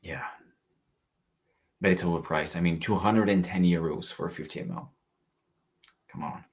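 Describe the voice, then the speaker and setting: Very low-voiced man reviewing fragrances. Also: fairly even intonation, normal speed. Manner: chatty, reads live chat comments aloud. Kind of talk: casual livestream review.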